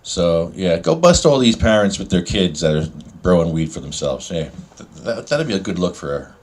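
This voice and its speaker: Low-voiced man ranting on a podcast. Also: sing-song, moderate pace, a little mellow. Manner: ranting, sarcastic. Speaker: podcast host. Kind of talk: casual chat. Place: New Jersey.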